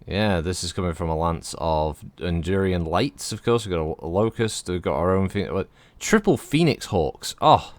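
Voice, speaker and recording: A low-pitched man chats his way through a game stream, meandering from thought to thought and swearing freely. His voice sits close and dry on the mic, with no room around it. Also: expressive, normal speed, hardly any pauses, dry recording. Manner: rambling, chatty, swears freely. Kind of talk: casual gameplay commentary.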